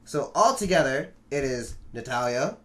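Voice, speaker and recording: A man's voice: medium pitch, moderate pace. A young man hosting a podcast, recapping wrestling shows in casual, profane, joking chat. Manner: profane, joking, animated storyteller.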